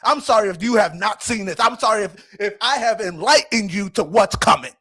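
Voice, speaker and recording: A man in his thirties hosting a casual commentary vlog, talking in an excitable, rambling way with frequent restarts. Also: high voice, brisk, husky, dry recording. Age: 30s. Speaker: host.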